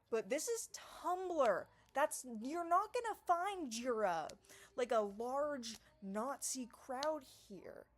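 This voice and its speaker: A woman with a voice pitched a bit high delivers a sarcastic, profane rant straight to camera. She lurches between loud, theatrical outbursts and low, muttered asides. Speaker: vlogger. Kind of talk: ranting monologue to camera.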